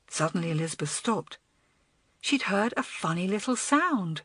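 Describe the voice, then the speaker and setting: Animated woman reading a children's audiobook. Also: mid-range voice, moderate pace, slightly rough, no room sound. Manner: expressive, animated storytelling. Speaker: audiobook narrator. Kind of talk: scripted storybook narration.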